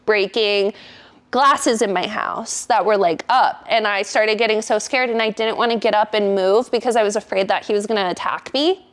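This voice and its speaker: A woman's voice: medium pitch, moderate pace. A young woman telling a wild story in casual, profane chat, full of "like" and vivid quoted lines. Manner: animated, profane, heavy use of "like".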